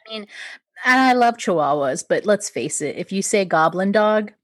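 A woman's voice: mid-range voice, animated, normal speed, no room sound. A woman co-hosting a casual podcast about folklore, chatty and self-deprecating, laughing often as she talks. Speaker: podcast co-host.

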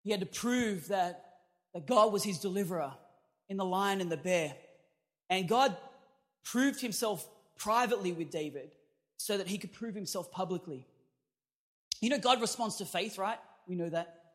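High-voiced, bright, emphatic male pastor. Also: animated, normal speed. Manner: emphatic, punchy, calls out to the congregation. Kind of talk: energetic sermon.

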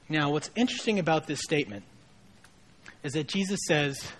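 Male pastor, high voice, conversational sermon delivery, casual storyteller with a light comic touch. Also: lively intonation, moderate pace, pauses often, a bit bright.

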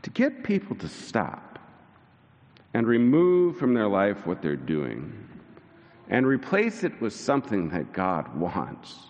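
A male pastor preaching a sermon, telling the story with lively mimicry of the disciples. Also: takes it slowly, lo-fi sound. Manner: animated storytelling, mimicking disciples in high voices. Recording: church hall reverb.

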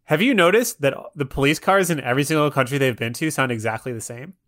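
A man's voice: mid-range voice, fast, fairly bright tone. A young man co-hosting a casual film podcast, easygoing and chuckling, with lots of fillers. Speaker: podcast co-host. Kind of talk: casual movie review chat.

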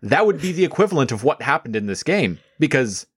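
A man's voice: mid-range voice, sing-song, fast, slightly rough. A man co-hosting a video game podcast in casual chat, with a blunt, profane way of talking. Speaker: podcast co-host.

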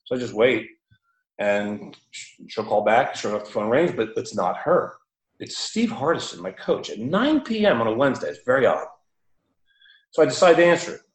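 A man tells a story in a casual, animated way, laughing now and then and leaning on fillers. His voice sits at a middle pitch. A roomy echo surrounds him. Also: moderate pace.

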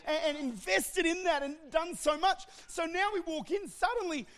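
A man preaching a sermon as pastor, impassioned and often shouting, with joking asides. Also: extremely high pitch, normal speed.

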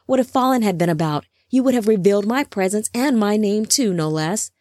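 A woman's voice: medium pitch, animated, brisk, dark tone, dry recording, studio quality, close to an everyday voice. A woman voicing an earnest, worried male angel who speaks urgently and a little indignantly, in a storybook reading.

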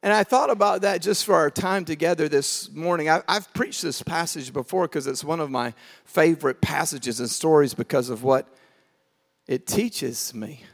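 A man preaching a sermon, telling the story with animated acted-out voices, swinging from shouts to quiet asides. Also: moderate pace, vocal fry, in a large hall. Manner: animated storytelling, acting out voices, shouting then dropping low. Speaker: pastor.

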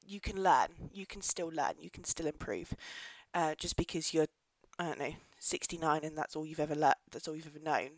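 Deep-voiced and fairly even in intonation, this pregnant woman talks fairly quickly with few pauses while hosting her casual solo podcast. A pub landlady, she rants, laughs, swears now and then and sometimes turns away from the mic; the close, dry podcast recording has no echo but poor audio quality.

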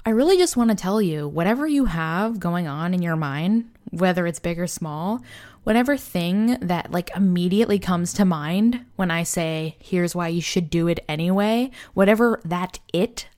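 A young woman hosts a casual motivational podcast, speaking candidly and loosely with lots of "like" and "you know," and she's self-deprecating. Her voice is on the low side and a little mellow, with lively intonation and a moderate pace.

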